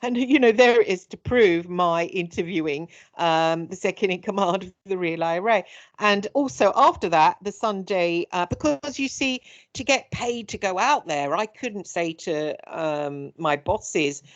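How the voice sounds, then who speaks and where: A middle-aged woman from England, hosting a casual chat and telling her own story in an animated way, acting out what others said. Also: on the low side, unhurried. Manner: animated storyteller who acts out quoted speech.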